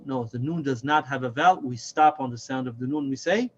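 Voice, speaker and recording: A man teaching a Quran reading lesson, speaking slowly and deliberately, repeating and stretching sounds to demonstrate them. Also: medium pitch, lo-fi sound, slight background noise. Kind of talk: slow, patient recorded lesson.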